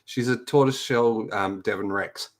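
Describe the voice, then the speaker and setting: A man on a podcast with a fairly low voice. He speaks in a laid-back, unhurried way and pauses for fillers while he explains things. It is a relaxed, casual chat. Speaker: podcast co-host.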